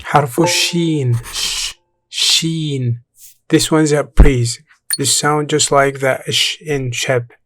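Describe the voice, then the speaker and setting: A man's voice: fairly high pitch, fairly even intonation, a bit bright, no echo. A man teaching a beginner language lesson, repeating each word and praising the learner between drills. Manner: encouraging, repeats each word slowly for practice. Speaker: Arabic teacher.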